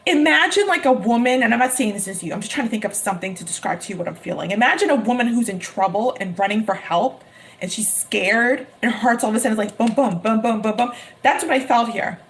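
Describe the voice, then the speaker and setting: A woman giving a live-streamed tarot reading, talking emphatically and repeating her phrases with excitement. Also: fairly high pitch, quick pace. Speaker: tarot reader.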